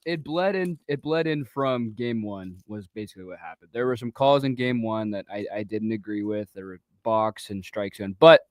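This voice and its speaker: A man's voice: lowish voice, normal speed, few pauses, no room sound. A man who coaches youth baseball, telling a story in casual chat and acting out the quoted exchanges with animation. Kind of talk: casual storytelling on a talk show.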